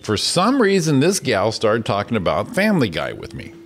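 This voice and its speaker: Low male co-host, very animated delivery, crude and self-mocking humor. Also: normal speed, a little hiss or hum. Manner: profane, self-deprecating, animated storytelling with silly impressions. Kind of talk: casual morning show banter.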